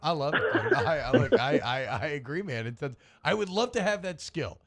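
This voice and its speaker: A man's voice: fairly high pitch, brisk. A man co-hosting a sports radio show, chatting casually and ranting with rising energy. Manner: animated, rambling, rants with rising energy.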